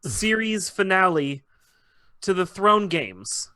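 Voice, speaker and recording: Animated, sweary male podcast host. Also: high-pitched, no echo. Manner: animated, sweary storytelling with quick mock voices. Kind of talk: casual profane recap of a TV finale.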